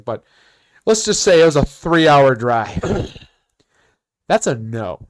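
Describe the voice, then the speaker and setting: Telling a work story on a laid-back podcast, this male host laughs a lot and curses freely while staying animated. His voice is mid-range, his pace slow, with long pauses.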